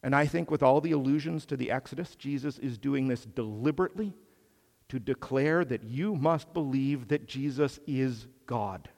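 A man preaching a sermon in a slow, measured way, swelling on emphatic phrases. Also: mid-range voice, gravelly, a little mellow, in a large hall.

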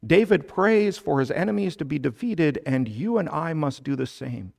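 A man preaching a sermon, explaining scripture slowly and building to loud, emphatic prayers. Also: fairly high pitch, lively intonation, gravelly. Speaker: pastor.

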